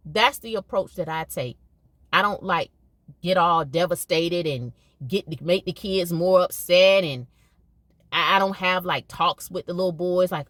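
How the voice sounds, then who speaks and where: A woman's voice: fairly low pitch, normal speed, a bit bright, dry recording. A middle-aged woman talking casually to her viewers, emphatic and conversational, often repeating herself for emphasis. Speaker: podcast host and educator. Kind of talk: casual monologue.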